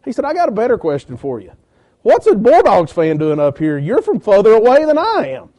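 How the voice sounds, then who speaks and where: Preacher telling a testimony. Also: male voice, high voice, huge pitch swings, fairly quick, dark tone. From Georgia. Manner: storytelling with many quoted exchanges, rising intensity when quoting others. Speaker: church-planting preacher. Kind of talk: sermon testimony.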